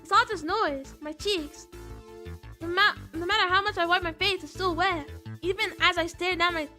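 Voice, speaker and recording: A woman's voice: very high voice, moderate pace, pushed and bright, faint music behind. A woman reading first-person narration as a dazed, overwhelmed teenage girl.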